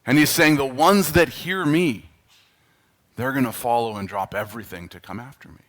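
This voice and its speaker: A man with a Canadian accent preaching a sermon as pastor, emphatic and animated, at times dropping to quiet, earnest asides. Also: mid-range voice, normal speed.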